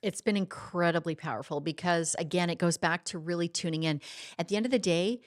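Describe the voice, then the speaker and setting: A woman's voice: lowish voice, fairly quick. A middle-aged woman co-hosting a relationship coaching podcast, speaking earnestly with frequent "like" fillers. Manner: earnest, warm-hearted, many "like" fillers. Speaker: co-host, life coach. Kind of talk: casual podcast conversation.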